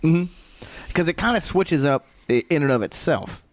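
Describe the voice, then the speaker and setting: A man's voice: on the high side, lively intonation, normal speed, no echo. A man hosting a casual beer-tasting podcast, agreeable and steering the talk along. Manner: easygoing, agreeable, steers the conversation. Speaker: podcast host.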